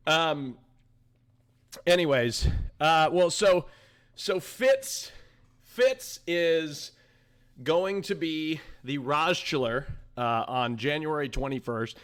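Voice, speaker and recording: Young male streamer-host, bright tone, pitched a little high, loose rambling chat with his viewers. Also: animated, slow pace, long pauses, clear, resonant tone. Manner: rambling, chatty, talks back to his chat. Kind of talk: casual live-stream chat.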